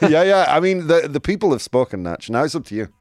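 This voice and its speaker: A man's voice: on the high side, big pitch swings, fast, a little mellow, no echo. A jovial man in his forties hosts a live show and laughs often. His voice swings widely up and down. The room is dry, with faint music behind him. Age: 40s. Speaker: host. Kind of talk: live show hosting chat.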